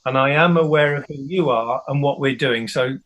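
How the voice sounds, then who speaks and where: A man's voice: medium pitch, moderate pace, fairly bright tone, low-quality recording. An older man hosting a live online interview, chatting in a jokey, self-deprecating way. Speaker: host.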